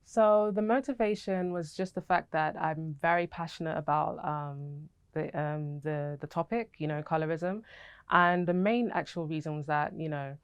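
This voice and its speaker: Young British actress, low smooth voice, candid and chatty, dry close sound. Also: female voice, steady tone, moderate pace, no echo, muffled recording, faint music behind. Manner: candid, chatty, laughs easily. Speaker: actress interviewee. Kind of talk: casual interview answers.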